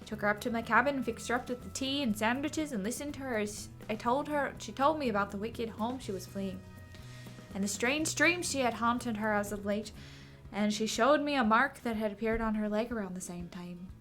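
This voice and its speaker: A woman's voice: a little high, normal speed, pushed and bright, soft background music. Woman doing an old sea captain's accent. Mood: reminiscing. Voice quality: put-on accent. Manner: storytelling, stumbles over long words. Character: older male sea captain, seasoned smuggler.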